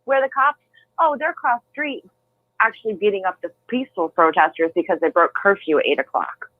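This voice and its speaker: A man's voice: sits high, fairly quick, no echo. A man calling in as a guest, talking earnestly in a loose way with restarts. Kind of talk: casual conversational talk. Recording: tinny phone line.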